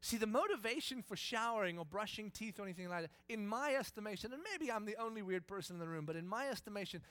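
A man preaching a sermon, telling stories dramatically and swinging between a hush and a loud voice. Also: sits high, lively intonation, fast talker, clear, resonant tone, no room sound. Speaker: pastor. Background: congregation present.

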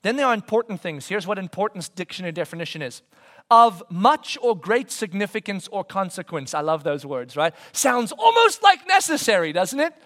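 A man giving a conversational sermon as a pastor, swinging from loud emphasis to soft whispers and asking his listeners questions. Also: high voice, sing-song, normal speed. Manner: conversational, asks the congregation questions.

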